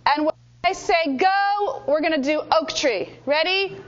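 A woman leading a speaking workshop, coaching the room with energetic instructions and playful demonstrations. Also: extremely high pitch, a little slow. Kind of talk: lively teaching workshop. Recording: dull lo-fi room recording.

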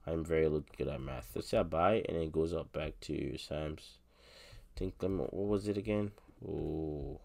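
Low gravelly-voiced man rambling. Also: normal speed, mellow. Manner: rambling, laughing, repeats himself, slangy. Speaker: crypto reviewer. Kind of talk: casual solo commentary.

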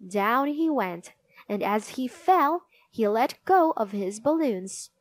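A woman reading a children's picture book aloud, expressive and sing-song. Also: on the high side, slow pace, no room sound. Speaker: storybook reader. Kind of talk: children's read-aloud narration.

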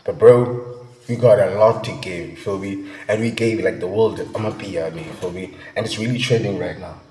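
A man's voice: lowish voice, moderate pace, dark tone, a little hiss or hum. Slangy, hyped young South African man. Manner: slangy, hyped, peppered with "bruh" and "you feel me". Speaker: music reaction vlogger. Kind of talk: casual reaction chat. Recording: echoey room with long reverb.

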